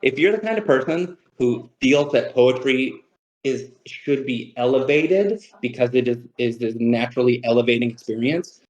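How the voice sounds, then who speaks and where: A man's voice: medium pitch, lively intonation, moderate pace, darkish tone, lo-fi sound. A man, a poet, talks loosely on a livestream. He rambles, swears freely and makes fun of himself. It is picked up on a webcam mic. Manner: rambling, profane and self-mocking. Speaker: poet giving a reading. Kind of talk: casual livestream talk about poetry.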